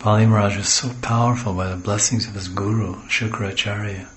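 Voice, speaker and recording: Man, low voice, spiritual teacher, storytelling sermon, homely asides, echoey room. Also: fairly even intonation, a little fast, fairly bright tone. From the West. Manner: digressive, homely asides, acts out quotes.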